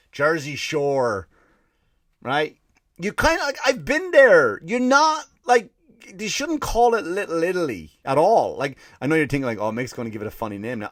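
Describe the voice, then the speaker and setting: This Irish podcast host has a slightly high voice and delivers a comedic monologue, a profane rant of a story full of mimicked voices. Sound is dry and studio quality.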